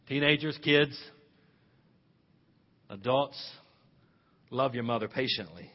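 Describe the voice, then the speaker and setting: A man's voice: medium pitch, lively intonation, a little slow, long pauses, husky. Emphatic male pastor preaching in a hall. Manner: emphatic preaching with loud rising exhortations. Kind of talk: sermon. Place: church sanctuary. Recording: dull reverberant hall recording.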